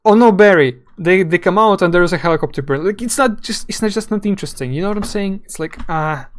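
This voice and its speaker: Halting, word-searching man streamer. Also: high voice, a little hiss or hum. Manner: rambling, halting, searching for words. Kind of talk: casual live game commentary.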